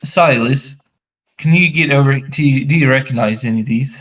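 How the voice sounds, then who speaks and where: A man's voice: mid-range voice, moderate pace, fairly bright tone, far from the mic, poor audio. A man playing in a tabletop game, stumbling over words as he talks. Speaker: player. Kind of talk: casual tabletop play.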